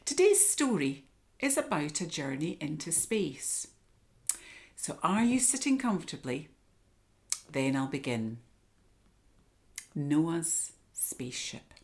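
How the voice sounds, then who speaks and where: A woman hosting storytime, reading a children's story aloud expressively with dramatic hushes. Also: sits low, sing-song, slow, pauses often. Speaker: storytime reader.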